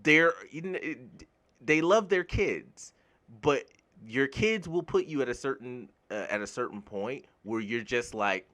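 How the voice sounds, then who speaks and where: A man from the United States giving a casual, blunt gaming commentary rant, swearing freely and getting animated when worked up. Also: mid-range voice, a little slow. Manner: blunt, swears freely, laughs at own jokes. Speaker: gaming YouTuber.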